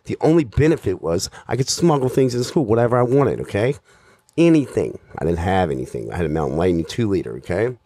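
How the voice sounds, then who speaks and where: A man's voice: lowish voice, very animated, brisk, dark tone, husky, no room sound. A man doing profane stand-up storytelling, rambling and self-mocking, swearing constantly. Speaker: stand-up comedian.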